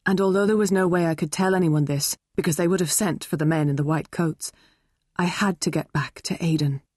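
A woman's voice: on the low side, a little fast, a little mellow, breathy edge, no room sound, studio quality. A woman narrating a novel in a wry, conversational first-person storytelling manner. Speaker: audiobook narrator.

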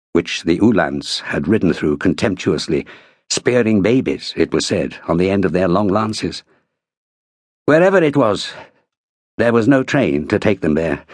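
A low, husky male voice reads an audiobook in a measured, steady way. The sound is close and completely dry, from a studio microphone. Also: dry recording. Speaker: audiobook narrator. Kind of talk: scripted narration.

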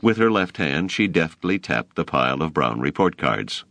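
A man narrating an audiobook in a very low voice with a lively, shifting pitch. He tells the story in an expressive, unhurried way, close to the mic. The studio sound is dry, with no room echo. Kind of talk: scripted narration.

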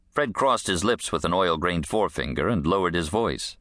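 Guy reading an audiobook, deep voice, lively ups and downs, bright and crisp. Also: moderate pace, few pauses, dry recording, clean studio sound. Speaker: audiobook narrator. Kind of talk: scripted audiobook narration.

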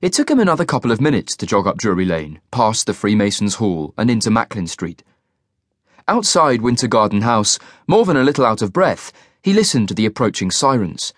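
Lively male audiobook narrator. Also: on the low side, brisk, dry recording, clean studio sound. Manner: lively, expressive reading. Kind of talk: scripted narration of a crime thriller. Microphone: studio microphone.

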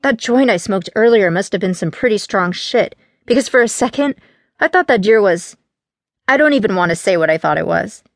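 A woman's voice: mid-range voice, animated, brisk, no room sound, lightly acted. A woman reading an audiobook voices a careless, teasing teenage boy in a voice close to her own. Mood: rattled. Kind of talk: audiobook character voice.

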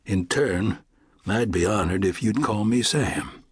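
A man voicing a modest, principled frontier lawman who speaks quietly and politely. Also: on the low side, takes it slowly, slightly rough, no echo, heavily acted. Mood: earnest.

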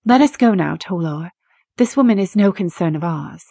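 A woman's voice: on the low side, animated, moderate pace, creaky, mellow, slightly rough, no room sound, clean studio sound, full character voice. A woman narrator voicing a proud female centaur who speaks coldly and with displeasure. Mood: soft. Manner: cold and displeased.

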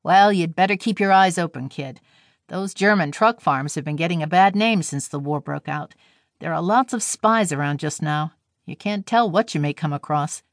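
A kindly young railroad engineer with a cheerful, slangy way of talking, read by a woman narrator. The voice sits fairly low and the sound is close and dry. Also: moderate pace, dry recording, natural voice. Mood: breezy.

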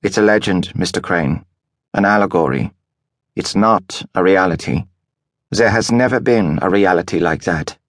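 A man voicing a tiny, guarded woman doctor with a mid-European accent, speaking softly and with measured care. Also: low voice, no room sound, clean studio sound. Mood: cool, probing. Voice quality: soft-spoken, measured.

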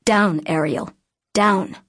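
A woman's voice: on the low side, measured pace. A woman voicing a tall, somber teenage boy who talks politely but gives firm commands.

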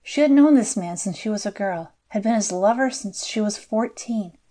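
A woman reads a fantasy audiobook in a measured storytelling voice. Her pitch sits in a middle range, and her delivery is even and controlled. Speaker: audiobook narrator. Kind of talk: scripted narration.

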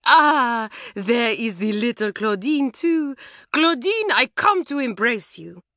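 A woman voicing a plump, effusive middle-aged French schoolmistress with a French accent, loud and exclamatory. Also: a little high, big pitch swings, takes it slowly, no echo, clean studio sound, pitched above the performer's own voice, exaggerated voice. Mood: gushing. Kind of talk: audiobook character voice.

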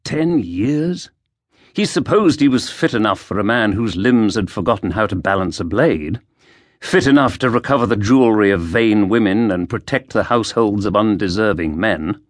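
Expressive male audiobook narrator. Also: lowish voice, normal speed, no room sound, studio quality. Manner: lively, expressive storytelling. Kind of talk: scripted narration.

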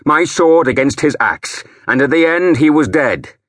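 Brief: man doing a defiant young Saxon lord, husky voice with lively swings, loud. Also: lowish voice, normal speed, no room sound, studio quality. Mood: shouting. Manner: defiant, shouting. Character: proud young male Saxon warrior lord, quick to anger.

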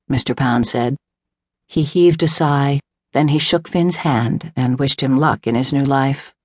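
A woman reading a literary novel aloud in a measured, unhurried way, voicing the characters lightly. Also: rumbling low, a little mellow, slightly rough, dry recording, clean studio sound. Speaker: audiobook narrator. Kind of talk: scripted narration. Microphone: close studio mic, dry.

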